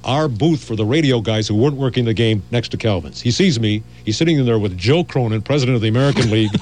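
A man's voice: mid-range voice, fast, darkish tone. An older man, a veteran radio host, telling rambling stories and often breaking off mid-phrase. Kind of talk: anecdotal storytelling.

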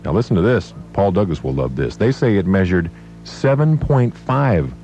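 Deep-voiced wry radio newsman. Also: very animated, moderate pace, dark tone, soft background music. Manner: wry, playful news reading. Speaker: radio newsreader. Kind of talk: joking morning radio news. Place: radio studio. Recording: dull lo-fi radio broadcast with faint hiss.

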